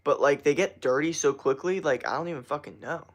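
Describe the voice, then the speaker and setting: A man's voice: fairly high pitch, a little fast. A young man talking loosely to his viewers on a livestream, rambling and swearing constantly as he chats. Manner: loose, rambling and heavily profane. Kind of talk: casual livestream chat to viewers.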